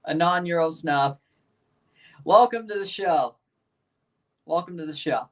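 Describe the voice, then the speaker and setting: A man's voice: fairly high pitch, measured pace, recorded from a distance. A man with a Southern accent streaming live match reactions, chatting with viewers and exclaiming at plays. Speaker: watchalong streamer.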